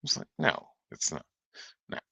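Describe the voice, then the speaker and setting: A man casually reacting to a video with a co-host, profane and slow, laughing often. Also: pushed and bright, dry recording.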